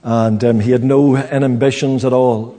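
A man preaching a sermon in a slow, earnest way, often stopping to restart a phrase. His voice is warm and mellow, and his mid-range pitch rings with long reverb in a church hall. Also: steady tone.

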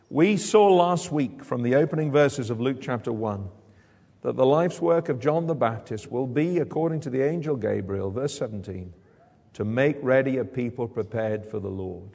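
A man preaching an expository sermon in a church hall, animated and acting out quoted lines with big jumps in pitch. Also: moderate pace, vocal fry, slightly rough. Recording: long hall reverb.

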